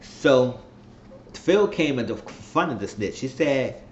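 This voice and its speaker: A man's voice: mid-range voice, expressive, takes it slowly, slight background noise. Man doing a casual TV recap in an echoey room. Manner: retells scenes by acting out the characters' quoted lines. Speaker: TV show recap vlogger. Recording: echoey room, dull lo-fi sound.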